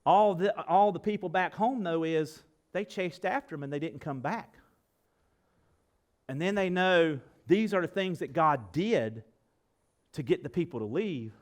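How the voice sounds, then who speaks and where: A man preaching a sermon to his congregation in a church. He talks in a folksy, animated way, swinging between loud and soft, and often asks the room direct questions. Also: a little high. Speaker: pastor. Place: church sanctuary.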